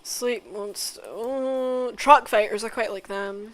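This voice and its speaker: A woman making a casual music tier list, swearing often, mumbling asides and bursting into loud excited outbursts. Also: mid-range voice, slow. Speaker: content creator.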